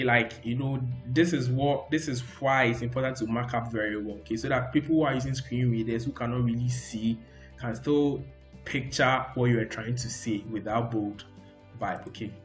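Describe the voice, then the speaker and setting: A man teaching a coding tutorial over a screen recording, talking loosely and repeating "okay, so" between steps. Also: medium pitch. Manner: loose, repetitive, frequent "okay, so". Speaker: coding instructor. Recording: roomy echo.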